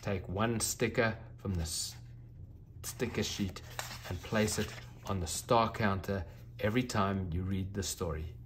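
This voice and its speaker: A man reading a children's storybook aloud, gentle and expressive. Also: sits low, unhurried, slight background noise.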